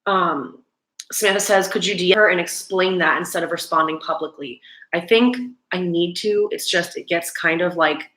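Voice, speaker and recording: A woman's voice: lowish voice, moderate pace, fairly bright tone, roomy sound. A woman hosting a casual livestream, chatting and gushing with lots of "like" fillers.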